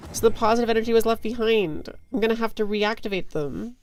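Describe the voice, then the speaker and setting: A woman's voice: a little high, fast, a little mellow. A young woman streaming a video game, joking playfully and laughing often in casual chat. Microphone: headphones with a desk mic.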